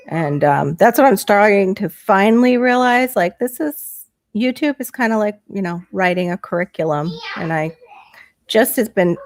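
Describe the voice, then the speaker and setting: A woman's voice: lowish voice, no echo. Chatty woman on a headset mic. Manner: chatty, laughs often, voice jumps up when excited. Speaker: livestream host reading viewer chat. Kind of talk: casual livestream chat. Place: small home bedroom.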